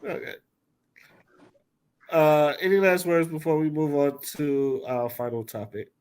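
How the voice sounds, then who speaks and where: A man's voice: a little high, steady tone, a little slow, darkish tone, rough recording. A man co-hosting a casual podcast, giving blunt, profane opinions in rambling sentences full of restarts. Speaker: podcast co-host.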